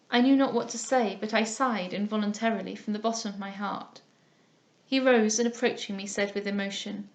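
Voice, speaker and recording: An audiobook reader, a woman with a mid-range voice, narrates a classic novel in a measured, even storytelling manner.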